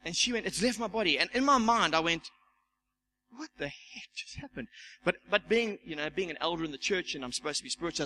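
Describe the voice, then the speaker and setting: A man's voice: fairly high pitch, animated, quick pace, bright, forceful tone, a little hiss or hum, poor audio. A man, a church elder, preaching a sermon and telling a personal testimony, acting out the voices in his story and repeating words as he goes. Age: young adult.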